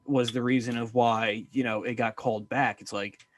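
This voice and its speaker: A man's voice: mid-range voice, fairly even intonation, normal speed, no room sound. Wry male co-host, dry close sound. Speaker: podcast co-host. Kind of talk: casual wrestling chat.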